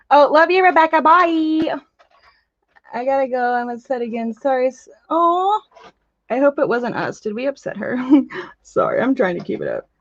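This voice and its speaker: A woman hosting a casual crafting livestream, chatting in a bubbly way with quick gushing asides while she demonstrates. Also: sits high, no echo, lo-fi sound. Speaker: crafting channel host. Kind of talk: casual live-stream chat with demos.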